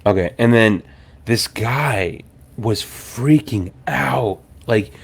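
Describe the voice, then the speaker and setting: A young adult man hosting a podcast, telling a story in a casual, animated way, swearing and acting out the people in it. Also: mid-range voice, takes it slowly, gravelly, husky. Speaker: podcast host.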